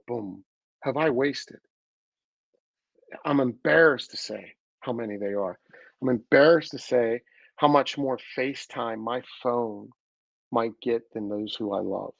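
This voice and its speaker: A man gives an earnest, searching talk and stumbles into restarts as he thinks aloud. His voice has a gravelly rasp. The sound is close and dry but a little dull and lo-fi. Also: medium pitch, moderate pace, no echo. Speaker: host. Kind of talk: reflective weekly talk.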